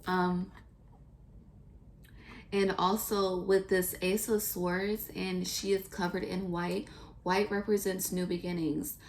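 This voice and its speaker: A woman talks through a tarot reading in an earnest, chatty way. Her voice sits a little low and has a gravelly fry to it. A faint hiss stays under the recording. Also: little pitch movement. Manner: earnest, chatty, often pauses to pray or think. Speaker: tarot reader. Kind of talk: casual spiritual tarot reading.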